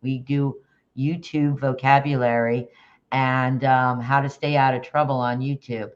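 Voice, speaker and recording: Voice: medium pitch, level tone, a little slow, dull audio. A livestream host chatting casually about a case, rambling with restarts and greeting viewers in the chat by name.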